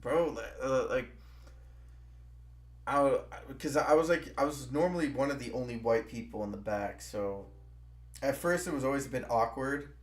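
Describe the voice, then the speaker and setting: A young man hosting a stream chats casually, rambling with lots of restarts and saying "bro" often. His mid-range voice moves at normal speed in a roomy-sounding space.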